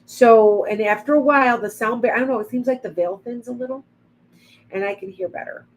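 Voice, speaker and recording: A woman's voice: fairly high pitch, a little fast, low-quality recording. Chatty woman psychic on a live stream. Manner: chatty, rambling, talks to viewers by name. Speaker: psychic medium.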